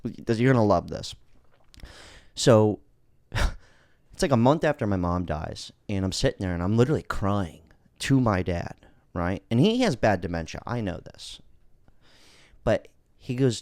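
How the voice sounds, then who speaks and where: Low-voiced man, blunt podcast host. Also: animated, measured pace, pauses often, a little mellow, no room sound, studio quality. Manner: blunt, rambling, swears freely. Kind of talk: casual solo podcast talk.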